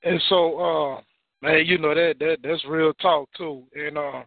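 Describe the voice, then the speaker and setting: A man's voice: a little high, fairly even intonation, a little slow, dry recording. A man hosting a radio talk show, asking short questions and reacting briefly. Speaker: radio host. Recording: tinny phone-like dry sound.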